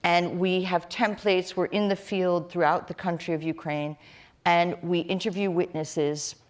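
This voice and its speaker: A low-pitched middle-aged woman talking on a live panel. She speaks in an earnest, measured way, pausing on fillers and restarting phrases as she works through her point. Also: fairly even intonation. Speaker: panel guest, human rights director.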